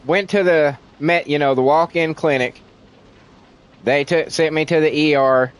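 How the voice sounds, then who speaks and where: A man's voice: a little high, unhurried, smooth, poor audio. A man from Tennessee with a thick Southern accent, venting in casual, rambling livestream chat and swearing freely. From Tennessee, USA.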